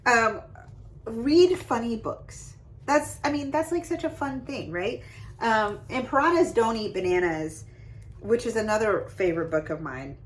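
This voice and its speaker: A young adult woman hosting a lesson, talking casually and brightly about reading to children as she shows pages of books. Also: on the high side, rough recording. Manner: lively and chatty, showing off book pages. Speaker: host giving read-aloud tips to parents. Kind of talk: casual instructional talk.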